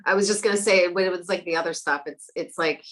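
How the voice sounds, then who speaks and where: A woman who is a psychic medium tells stories as a guest in a casual interview. She's animated, laughs often, and acts out the voices of people in her tales. Her voice is lowish and quick, and the recording quality is low.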